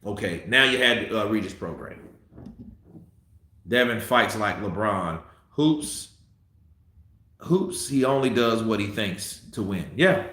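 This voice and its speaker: A man giving profane, heated live commentary on a boxing fight, a little tipsy, swinging between muttering and shouting. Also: lowish voice, expressive, takes it slowly, pauses often, very echoey.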